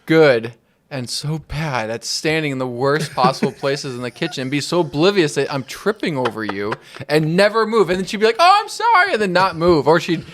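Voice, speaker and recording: A married man co-hosting a casual podcast, telling a story in an easygoing, drawn-out way. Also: on the high side, fairly bright tone. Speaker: podcast co-host. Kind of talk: casual banter.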